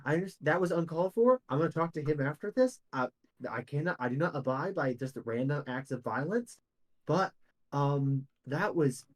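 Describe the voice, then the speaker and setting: A man voicing a chummy, peacemaking male donkey who scolds gently. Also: on the high side, animated, moderate pace. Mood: placating.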